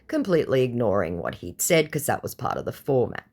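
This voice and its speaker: A woman's voice: a bass voice, wildly swooping pitch, normal speed, vocal fry, a little mellow, husky. A tired woman telling a scam-bait story in a blunt, sarcastic, exasperated way. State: tired from the heat. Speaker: vlogger recounting scam-bait chats. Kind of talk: casual storytelling to camera.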